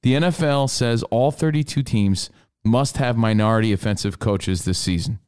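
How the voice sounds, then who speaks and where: A man's voice: medium pitch, normal speed, a little mellow, smooth. A man co-hosting a casual sports talk show, laying out his opinions emphatically. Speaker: radio co-host.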